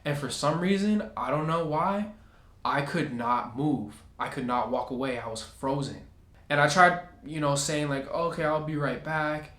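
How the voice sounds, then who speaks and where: A man telling a personal story in a casual vlog, animated and acting out what others said. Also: medium pitch, measured pace, roomy sound. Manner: animated, acts out other people's lines.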